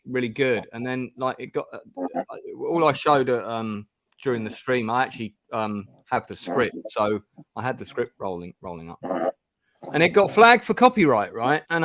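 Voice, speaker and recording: A man's voice: medium pitch, lively intonation, normal speed, fairly bright tone, no echo, studio quality. A middle-aged man hosting a gamebook stream, chatting casually with lots of ums and restarts. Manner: rambling, many ums and restarts. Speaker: stream host playing a gamebook. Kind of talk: casual chat.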